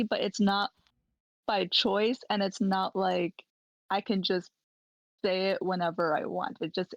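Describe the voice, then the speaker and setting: A woman's voice: medium pitch, no room sound, lo-fi sound. A woman speaking standard American English, co-hosting a podcast and explaining herself in a thoughtful, rambling way. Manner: thoughtful, rambling with fillers and restarts. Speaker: podcast co-host. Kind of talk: casual chat.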